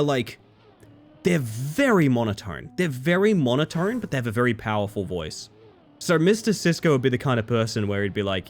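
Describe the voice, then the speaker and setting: A streamer chatting casually and telling a rambling personal story to their live viewers, with lots of fillers. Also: medium pitch.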